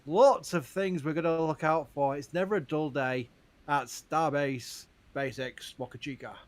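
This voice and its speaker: A man's voice: on the high side, measured pace. A man hosting a live stream, reading out viewer questions and answering carefully, stressing what is uncertain. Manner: careful, stresses uncertainty, laughs between points.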